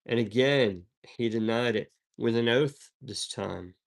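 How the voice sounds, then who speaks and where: A man from the American South, with a slow, gravelly, mid-range voice, reads Bible verses aloud and then explains them. His teaching style is easygoing and conversational, with asides along the way, in this devotional reading and commentary.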